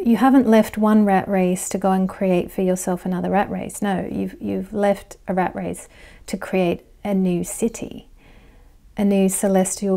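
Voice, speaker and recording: A woman giving a casual pick-a-card tarot reading, chatty and rambling, laughing often and dropping into soft asides. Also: medium pitch. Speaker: tarot reader and life coach.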